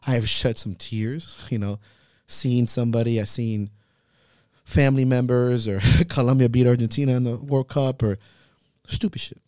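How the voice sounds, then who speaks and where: A podcast host in his thirties telling a heartfelt personal story, earnest and halting, swearing freely. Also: medium pitch, steady tone, darkish tone, clear, resonant tone, dry recording, clean studio sound. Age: 30s. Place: podcast studio.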